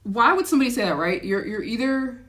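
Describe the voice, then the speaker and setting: A young woman hosting a casual livestream, chatting excitably and reacting to viewer comments. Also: a little high, fast talker. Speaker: livestream host.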